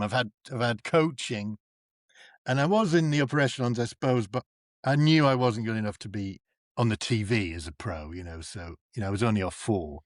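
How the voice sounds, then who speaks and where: A man from North East England, a comedian and actor chatting as a guest and acting out the people in his stories with big leaps in pitch. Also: normal speed, no room sound, clean studio sound. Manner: animated storyteller who acts out quoted people with big pitch jumps. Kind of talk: casual chat.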